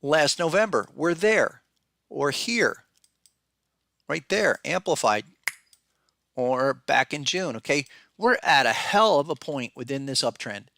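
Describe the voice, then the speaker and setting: A man's voice: fairly high pitch, sing-song, slow, gravelly, pushed and bright, no room sound, studio quality. A man hosting a podcast, giving blunt, conversational market commentary and thinking aloud with frequent restarts. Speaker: podcast host and market analyst.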